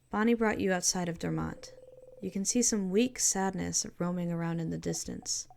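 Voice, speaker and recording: A woman calmly reading a video game's narration aloud in a soft voice. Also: fairly low pitch, moderate pace, gravelly, faint music behind. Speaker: let's play narrator.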